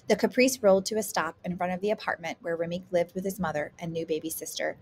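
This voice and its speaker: A woman narrating a chapter of a novel in an even, unhurried storytelling voice. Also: lowish voice, a little hiss or hum. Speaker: audiobook reader. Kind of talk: scripted narration.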